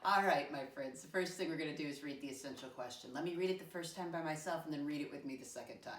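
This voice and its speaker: Woman teacher for a 1st-grade lesson, slightly low voice, encouraging, recorded from a distance in a roomy space. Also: a little hiss or hum. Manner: encouraging, addresses kids as "my friends", spells words out slowly. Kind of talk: first-grade lesson to camera. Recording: echoey room, voice from a distance.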